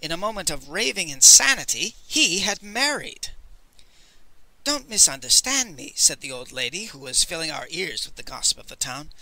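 A man narrating an audiobook in an expressive, animated storytelling manner. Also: on the high side, a little fast, hardly any pauses, poor audio.

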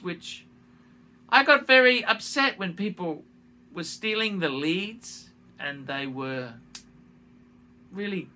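Man, YouTuber apology video, high-pitched, slow and halting, repeats phrases. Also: lively intonation, sharp tone. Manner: halting and repetitive, restarting phrases. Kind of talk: emotional direct-to-camera apology.

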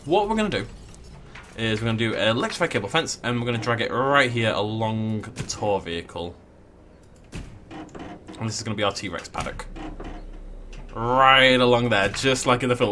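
A man's voice: on the low side, a little fast, sharp tone, a little hiss or hum. A man giving casual let's play commentary in a playful, jokey, mock-dramatic way. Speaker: gameplay commentator.

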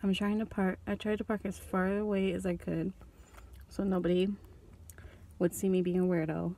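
A woman's voice: medium pitch, level tone, moderate pace, warm tone, a little hiss or hum. Chatty young woman eating in her car. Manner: rambling, chatty, eating and coughing while talking. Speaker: beauty vlogger. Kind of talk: casual mukbang chat. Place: parked car. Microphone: phone held in hand.

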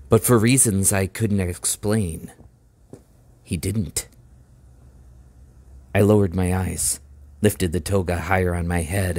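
Man, audiobook reader, low voice, dry close sound, steady measured narration. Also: dry recording. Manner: steady, measured first-person reading. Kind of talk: reading a novel aloud.

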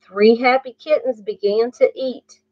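Slow-reading woman telling a bedtime story. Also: on the high side, fairly even intonation, no room sound. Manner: slow, asks the listener questions. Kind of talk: bedtime story read-aloud. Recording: muffled dry recording.

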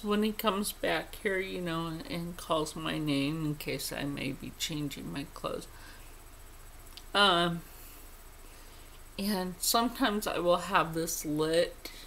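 A woman's voice: lowish voice, creaky, sharp tone, a little hiss or hum. A woman vlogger chatting casually to her viewers, blunt and opinionated, swearing freely. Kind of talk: casual chat to camera.

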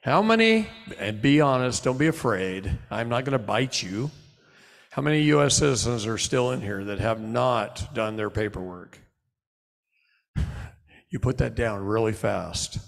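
Middle-aged guy lecturing a crowd in a big echoey hall, gravelly voice, gets loud then goes low and quiet. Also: unhurried. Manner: animated preaching delivery, swinging from loud bursts to low asides. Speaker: seminar speaker. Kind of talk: live seminar lecture. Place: large hall before a live audience. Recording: long hall reverb.

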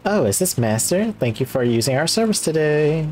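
A man's voice: fairly high pitch, very animated, normal speed, a little mellow, pitched above the performer's own voice. A man voicing a tired, caring young woman teacher who works as a maid, reading her lines in a sweet, fussing way.

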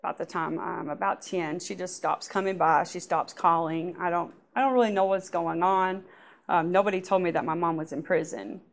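A woman giving a personal church testimony, telling her story in a halting, soft-spoken way that often trails off. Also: on the low side, fairly even intonation, creaky. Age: adult. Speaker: testimony speaker.

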